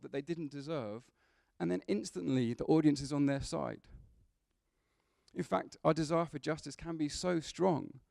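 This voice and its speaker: A man's voice: fairly high pitch, gravelly, mellow, dry recording, clean studio sound. A man preaching a sermon in a church, conversational, with humorous asides to the congregation.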